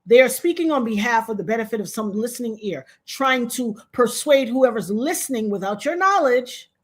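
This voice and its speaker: A woman guest tells her story bluntly and emphatically, in a high voice. Her pitch swoops up and down constantly. The tone is husky. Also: animated, normal speed. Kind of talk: animated storytelling interview.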